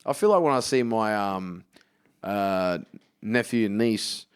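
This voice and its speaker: A man's voice: lowish voice, measured pace, smooth. A man, a comedian guest on a casual podcast, telling stories animatedly and swearing freely.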